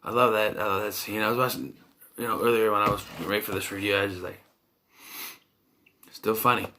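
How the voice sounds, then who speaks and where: A man's voice: lowish voice, flat delivery, a little fast, slight background noise. A man giving a casual, rambling movie review full of fillers and restarts.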